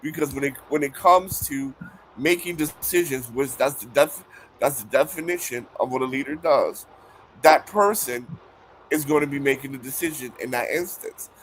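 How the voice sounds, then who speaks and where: A hoarse, tired man on a live online debate panel, speaking haltingly and repeating his words. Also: medium pitch, fairly bright tone, a little hiss or hum. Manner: halting, repeats words, cuts in to keep order.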